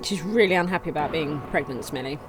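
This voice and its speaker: A woman casually commenting on her gameplay, reading game text aloud in a chatty way with sudden excited outbursts. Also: sits low, quick pace, music in the background. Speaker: let's play gamer.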